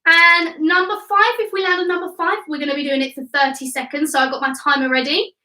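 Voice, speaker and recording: A cheerful young woman leads a children's home workout, encouraging everyone and counting out reps. Her voice is high and crisp. It echoes around a room at home, picked up from some distance. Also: level tone, quick pace, pushed and bright. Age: 20s. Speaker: kids' gymnastics coach. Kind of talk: instructional workout class.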